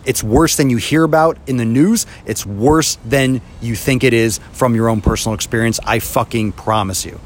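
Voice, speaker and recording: A man's voice: mid-range voice, moderate pace, hardly any pauses. A man in a heated, profane rant about his videos, recorded outdoors with faint traffic noise behind. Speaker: social media creator. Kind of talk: angry ranting vlog.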